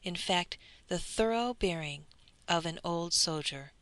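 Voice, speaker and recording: A woman narrating a classic adventure novel as an audiobook reader, in slow, deliberate phrasing. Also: lowish voice, animated, a bit bright, no room sound.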